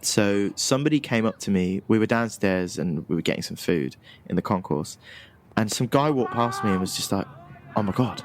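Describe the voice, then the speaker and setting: Animated Birmingham man telling stories. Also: on the low side, moderate pace. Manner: animated, self-mocking storyteller. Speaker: podcast co-host. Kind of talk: casual chat.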